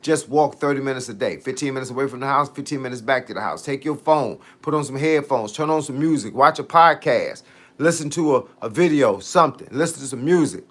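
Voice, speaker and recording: Brief: middle-aged man, relaxed slangy livestream host, mid pitch. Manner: laid-back slangy talk, drawn-out tangents. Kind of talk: casual livestream chat answering viewer comments.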